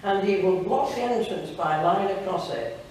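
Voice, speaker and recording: A woman's voice: medium pitch, moderate pace, darkish tone, a little hiss or hum, close to an everyday voice. A woman reading the lines of an earnest male minister patiently explaining things to schoolchildren. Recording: very echoey hall, distant mic.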